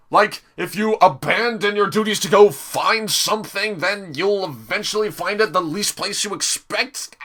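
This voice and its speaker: A young man giving a casual spoken episode review, sarcastic and exasperated, often pausing and restarting. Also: high-pitched, bright, forceful tone. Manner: hesitant, many fillers and restarts.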